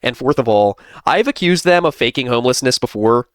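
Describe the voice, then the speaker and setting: Man co-hosting, sarcastic rant, rapid delivery, smooth clear voice, dry sound. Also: mid-range voice, animated, no room sound. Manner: sarcastic, suspicious ranting. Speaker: co-host. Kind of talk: casual commentary.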